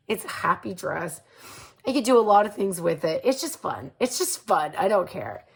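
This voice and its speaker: A woman's voice: on the high side, fairly bright tone. A woman in her forties talking frankly in a casual monologue to her listeners. She laughs easily and keeps checking in with them by asking "okay?". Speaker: host.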